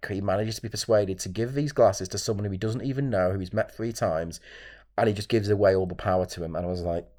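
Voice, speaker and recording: This man hosts a channel reviewing films, ranting by himself to camera with a lowish, darkish voice. He comes across as exasperated, circling back over the same points.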